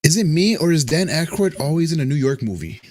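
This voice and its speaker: A man co-hosting a casual podcast, curious and quick to ask questions and laugh. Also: fairly high pitch, very animated, a little mellow. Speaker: podcast co-host. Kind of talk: casual chat.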